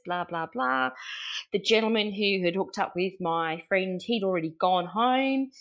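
A woman's voice: medium pitch, a little slow. A middle-aged woman with an Australian accent, telling personal stories as a guest in a casual chat, laughing often and acting out what people said. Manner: chatty, laughing, acts out quotes. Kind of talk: casual anecdotal storytelling.

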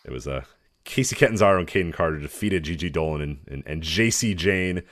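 A man's voice: sits low, expressive, a little fast, fairly bright tone, no echo, studio quality. A man co-hosting a wrestling podcast, recapping matches in rambling casual chat and laughing often. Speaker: podcast co-host.

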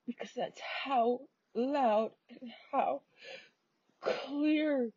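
A woman's voice: high-pitched, extremely slow, darkish tone, slightly rough, no echo. A woman telling a story about her own experience in a casual, chatty way, swearing freely and using many fillers. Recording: dull lo-fi recording.

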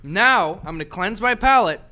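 Joking, lively higher-voiced man. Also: moderate pace. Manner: joking, swears casually. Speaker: podcast co-host. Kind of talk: casual chat.

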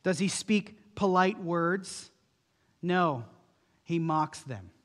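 High-voiced preaching man, reverberant hall. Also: animated, drawn-out words, a bit bright. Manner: emphatic preaching with rhetorical questions. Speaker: pastor. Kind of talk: sermon.

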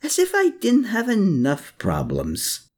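A woman's voice: mid-range voice, huge pitch swings, takes it slowly, darkish tone, pitched above the performer's own voice, exaggerated voice. A narrator voicing Anna, a spirited, independent young woman who teases and grumbles. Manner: teasing, grumbling.

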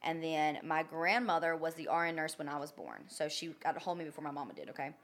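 A woman's voice: sits low, expressive, fast talker. A young woman casually telling a personal story. She talks bluntly, swears freely and keeps checking in with "okay?".

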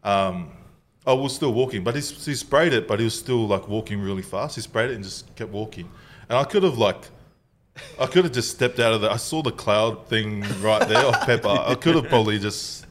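A man's voice: on the low side, lively intonation, fairly quick. Laid-back man telling a story. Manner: laughing, swearing, acts out quotes. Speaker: podcast co-host. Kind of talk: casual storytelling chat. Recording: faint background noise.

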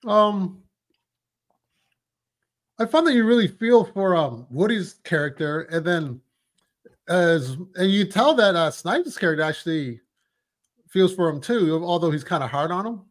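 A man's voice: high-pitched, animated, measured pace, long pauses. A man co-hosting a casual movie review, hesitant and searching for words. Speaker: podcast co-host.

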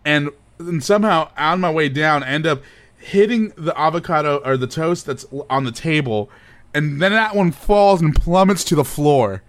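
A young man co-hosting a casual chat show, telling a story in an animated, laughing way with playful overacting. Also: fairly high pitch, normal speed. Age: young adult. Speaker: podcast co-host.

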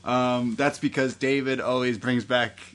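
Male co-host, mid pitch, loose banter with lots of ums. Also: fairly even intonation, unhurried, a bit bright. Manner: joking, rambling with fillers. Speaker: podcast co-host. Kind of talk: casual chat recapping wrestling.

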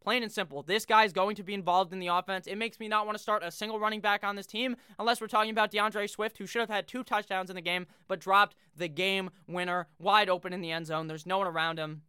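A man's voice: high-pitched, fairly even intonation, fast talker, few pauses, sharp tone, smooth, no echo, studio quality. A man giving a casual, brash fantasy football recap, joking and swearing freely. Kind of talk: casual profane sports recap.

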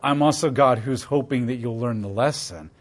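A man's voice: mid-range voice, normal speed. A man teaching through a Bible passage in a sermon style, reading verses aloud and breaking in with casual, emphatic commentary.

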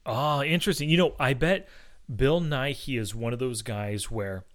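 A man's voice: medium pitch, normal speed, a bit bright. Enthusiastic American man, movie chat. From United States. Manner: enthusiastic and conversational. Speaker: podcast co-host discussing films. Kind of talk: casual chat.

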